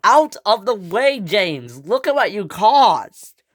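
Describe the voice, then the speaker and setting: Brief: a narrator doing a haughty big male engine, huffy and grumbling, slow toy-story pace. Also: medium pitch, expressive, voice pushed up, lightly acted. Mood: angry. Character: proud big male express engine, short-tempered.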